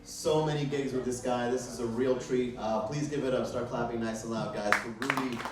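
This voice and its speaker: A man's voice: mid-range voice, steady tone, moderate pace, background noise. A man hosting a comedy night, introducing acts and teasing them with upbeat patter. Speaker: comedy show host. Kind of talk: emcee introductions. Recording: echoey room, distant mic, loud music.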